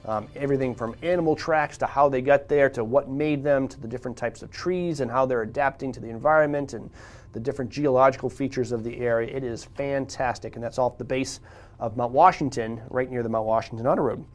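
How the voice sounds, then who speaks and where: A man's voice: medium pitch, fairly quick. A man hosting a live morning show, upbeat and chatty, with rambling asides.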